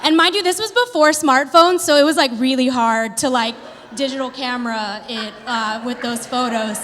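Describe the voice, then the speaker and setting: A woman in her thirties performing a stand-up comedy routine, telling an animated story with playful put-on quotes. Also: sits high, moderate pace, a little hiss or hum. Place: theater stage before a live audience. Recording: reverberant hall with faint ambience.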